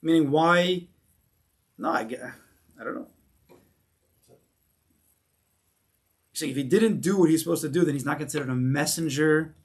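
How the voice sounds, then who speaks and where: A man teaching a relaxed Torah class speaks in a slightly high voice at a measured pace, leaving long pauses. Still animated, he asks rhetorical questions and acts out the stories he shares.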